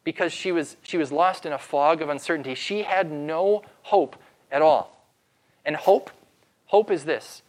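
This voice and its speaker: A man preaching as pastor, retelling a story with dramatic pauses and slowing down for emphasis. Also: on the high side. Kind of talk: sermon.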